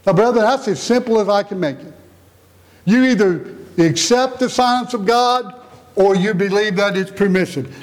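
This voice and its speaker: A middle-aged man preaching a sermon, emphatic and fond of repeated rhetorical questions. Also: high-pitched.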